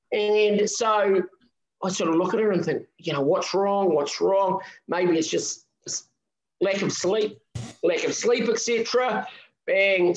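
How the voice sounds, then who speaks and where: A man's voice: a little high, creaky, reverberant, highs cut off. A middle-aged man, a marathon swimming guest telling an emotional story in a podcast interview. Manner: animated, emotional storytelling with restarts.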